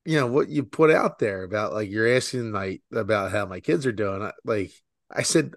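A man's voice: medium pitch, very animated, moderate pace, creaky, dry recording, studio quality. A man co-hosting a podcast in casual chat, rambling with lots of filler words. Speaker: podcast co-host.

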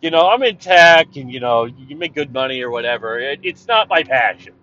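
A man from Canada, loud and profane, rambling through a casual monologue while driving. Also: mid-range voice, expressive, a little fast. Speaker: vlogger. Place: driving in a car. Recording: dull lo-fi sound, car noise.

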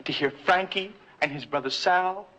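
A man's voice: high-pitched, normal speed, pushed and bright, lo-fi sound. A young actor playing a hurt, idealistic teenage boy in a 1960s film drama, pleading and anguished. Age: young adult. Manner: pleading and anguished, words tumbling out.

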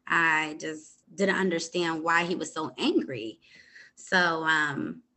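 Young woman, lowish pitch, bright edge; podcast host recounting a story, unhurried, hesitant, full of fillers. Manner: calm, hesitant retelling with many fillers. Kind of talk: personal storytelling.

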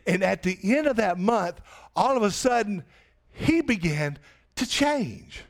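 A high-voiced man pastor preaches an emphatic sermon. He takes his time and stretches out his lines. His voice swells on repeated questions. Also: lively intonation, unhurried.

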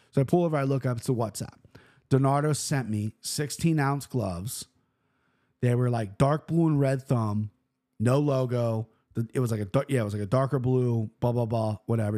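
A young adult man telling a story on his own podcast, loose and profane, sitting at his computer at home. He talks at a middle pitch for a man and leaps higher when he acts out what others said. It is casual, animated storytelling. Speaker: podcast host.

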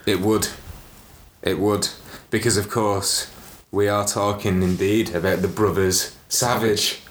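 A man co-hosts a chatty podcast, heaping earnest, mock-solemn praise on his subjects. His voice sits a little low. The room echoes noticeably, and faint hiss runs underneath. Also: level tone, takes it slowly. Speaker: podcast co-host. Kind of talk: casual chat.

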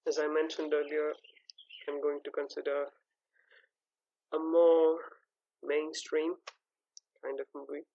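A man's voice: fairly high pitch, completely flat delivery, slow, pauses often, dark tone, lo-fi sound. A man hosting his own movie podcast, talking casually with lots of fillers and restarts. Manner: rambling, hesitant, many fillers and restarts. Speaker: podcast host. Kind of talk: casual solo podcast talk.

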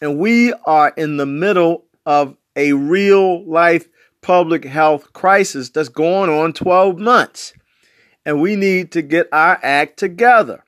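A man's voice: on the high side, slow, fairly bright tone, dry recording, studio quality. A man in his sixties from West Baltimore, delivering an emphatic political commentary monologue with repetitive, slangy phrasing. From West Baltimore, USA. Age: 60s.

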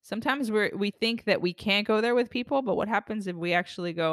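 A woman hosting a podcast in a casual spiritual self-help monologue, rambling and animated, casually swearing and acting out quoted voices. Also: mid-range voice, fast talker, dry recording, studio quality. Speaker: podcast host.

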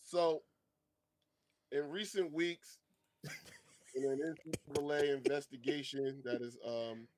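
A man's voice: mid-range voice, fairly even intonation, measured pace, pauses often, darkish tone, slight background noise, rough recording. A man co-hosting a casual sports podcast, blunt and filling his explanations with ums. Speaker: podcast co-host.

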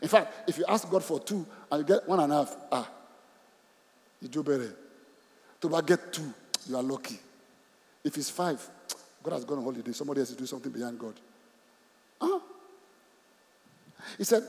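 A man preaches with a high, lively voice that swings widely in pitch. He repeats himself for emphasis and keeps asking the congregation questions, breaking into laughs. His voice rings through the long reverb of a large hall. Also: normal speed. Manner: animated, repeats phrases, asks the congregation questions, laughs often. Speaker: pastor. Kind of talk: sermon.

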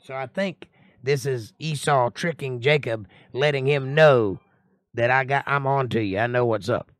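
A man's voice: measured pace, dry recording. A man teaching a livestream Bible study, reading scripture aloud and breaking in with casual, joking commentary. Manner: voices the figures in the reading with rising pitch and a whiny tone.

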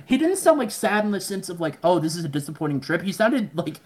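A man's voice: high voice, very animated, quick pace, a little mellow, a little hiss or hum. A man, a podcast guest, telling rambling stories in casual chat, swearing often and mumbling the voices of people he quotes.

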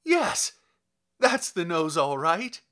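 Man doing a shrill, excitable noseless official. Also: measured pace, full character voice. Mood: excited. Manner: excited, exclaiming.

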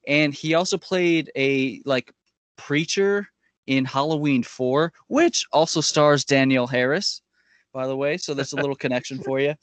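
A man's voice: medium pitch, normal speed, no room sound. A man co-hosting a podcast in casual chat, jokey and playful. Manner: jokey, does goofy voices and mock ads. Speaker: podcast co-host.

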